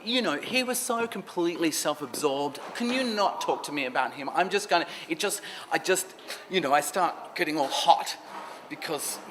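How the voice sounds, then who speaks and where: A man's voice: fairly high pitch, animated, normal speed, noisy background, close to an everyday voice. A man playing a flustered ex-spouse who rambles and trips over words. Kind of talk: mockumentary interview acting.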